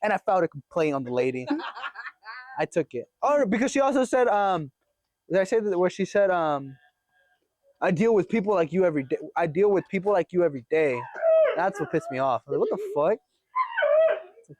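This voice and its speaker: A young man casually telling a story on his vlog in an animated way, swearing often and laughing as he goes. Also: fairly high pitch, brisk, long pauses, dry recording. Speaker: vlogger.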